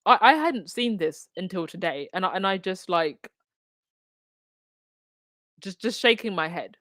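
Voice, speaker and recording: A woman's voice: mid-range voice, expressive, unhurried, fairly bright tone, no room sound. Woman, Essex accent, livestream host, chatty, stop-start delivery, dry room. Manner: chatty, reading out comments and articles; frequent restarts and fillers. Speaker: commentary channel host. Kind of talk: casual livestream commentary.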